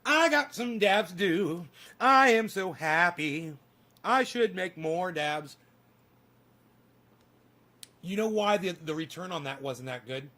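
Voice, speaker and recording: A man on a casual livestream, swearing freely and talking to his dog in a high sing-song voice. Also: animated, slow pace, long pauses, sharp tone. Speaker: streamer.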